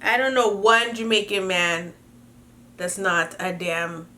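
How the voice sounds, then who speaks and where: A woman's voice: medium pitch, takes it slowly, sharp tone, a little hiss or hum. A young woman from Canada reading viewer emails aloud and giving blunt, sassy advice in a casual chat, swearing freely.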